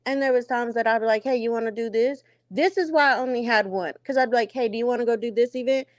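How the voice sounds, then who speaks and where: A woman's voice: fairly high pitch, quick pace, no echo, studio quality. A woman in a casual chat, speaking, telling a long story and acting out past conversations. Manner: talks at length, acts out past conversations.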